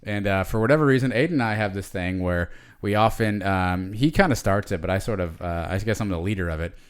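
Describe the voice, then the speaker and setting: A man in his forties with a fairly low voice talks loosely on a podcast. He wanders through his thoughts, piling up fillers and restarting his sentences as he goes. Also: fast, clear, resonant tone. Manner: rambling, with many fillers and restarts. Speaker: podcast co-host. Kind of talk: casual chat.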